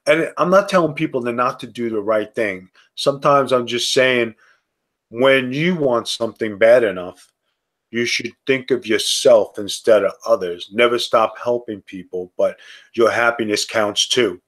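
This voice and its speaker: A man's voice: a little slow, fairly bright tone. Emphatic man telling stories. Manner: storytelling, acts out quoted dialogue; emphatic, jumps in pitch when stressing a point. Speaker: guest. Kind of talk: casual podcast conversation.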